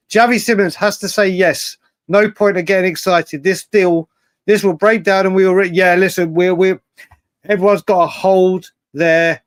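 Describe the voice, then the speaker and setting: A man hosting a late-night live fan stream, reading viewer messages and bantering in a rambling, excitable way with lots of slang. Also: high-pitched, clean tone, no echo, clean studio sound. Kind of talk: live stream chat reading super chats.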